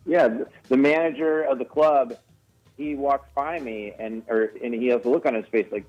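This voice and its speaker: A guest comedian on a casual radio interview tells a self-deprecating story, restarting his sentences along the way. His voice is mid-range at a moderate pace, and the broadcast audio sounds slightly dull.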